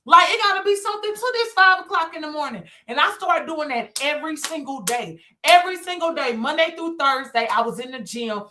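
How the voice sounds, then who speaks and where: A woman's voice: high voice, expressive, brisk, hardly any pauses, pushed and bright, a little hiss or hum. A woman, telling her story as a motivational talk to viewers, emphatic and repeating phrases for effect. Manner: emphatic, repeats phrases, addresses listeners as y'all. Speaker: business coach and speaker.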